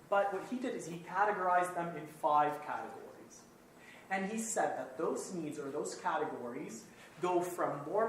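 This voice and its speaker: Guy teaching a class, far from the mic, super echoey room, keeps saying okay? and right?. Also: high-pitched. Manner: explanatory, checks in often with "okay?" and "right?"; repeats and rephrases points while thinking aloud. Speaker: university lecturer. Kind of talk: live classroom lecture. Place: classroom with students present. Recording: very echoey room, distant mic, faint room noise.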